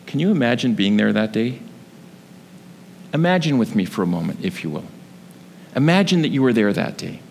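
A man preaching a sermon, telling a vivid story that swells with excitement. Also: medium pitch, moderate pace, gravelly, pauses often, slight background noise. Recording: long hall reverb with faint ambience.

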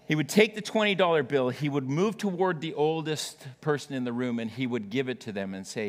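A man's voice: medium pitch, lively intonation, brisk, hardly any pauses. Storytelling male pastor, echoing hall. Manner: storytelling with playful asides to the congregation. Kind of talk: sermon. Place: church.

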